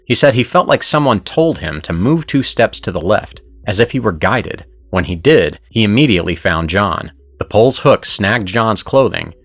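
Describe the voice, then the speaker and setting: A man's voice: fairly low pitch, fairly bright tone. A man hosting and narrating a scripted story in an earnest, persuasive way. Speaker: host and narrator.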